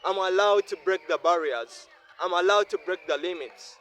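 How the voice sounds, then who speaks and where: A man's voice: high-pitched, normal speed, fairly bright tone. A Ugandan man talking to his viewers in a vlog, earnest and repetitive, speaking from the heart. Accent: Ugandan English. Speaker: vlogger. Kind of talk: reflective vlog monologue. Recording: faint ambient noise.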